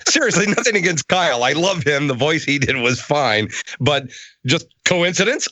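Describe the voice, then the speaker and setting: A middle-aged voice actor, medium in pitch and moderate in pace, swaps animated, self-deprecating stories while guesting on a laid-back interview. There's no echo on the recording.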